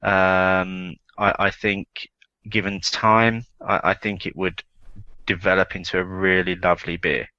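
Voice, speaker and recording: A low-voiced man with a bright, forceful edge weighs his words, stumbling over repeats as he thinks aloud. The sound is dry and a bit dull. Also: little pitch movement, a little slow, dry recording. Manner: hesitant, repeats words, thoughtful. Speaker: podcast co-host. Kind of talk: casual chat.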